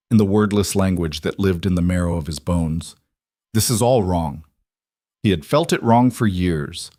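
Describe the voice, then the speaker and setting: Low-voiced male story narrator. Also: no echo, clean studio sound. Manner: steady, measured storytelling. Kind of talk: scripted narration.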